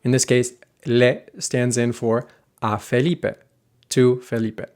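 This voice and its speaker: This language lesson is led by a man whose mid-range voice is fairly even in intonation and a little mellow. He lays out grammar clearly in steps and slows for example sentences.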